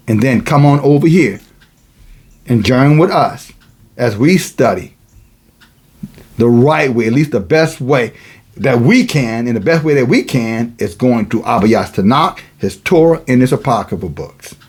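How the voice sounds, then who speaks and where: A man's voice: mid-range voice, expressive, a little slow, a little mellow, husky. A man preaching a sermon, mixing casual asides and chuckles with emphatic, rising passages.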